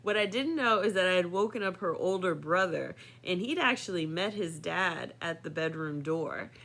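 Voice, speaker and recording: A woman's voice: fairly low pitch, animated, moderate pace, creaky, fairly bright tone. Chatty woman in her thirties telling a story. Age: 30s. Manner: chatty, filler-heavy, laughing often. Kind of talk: personal storytelling.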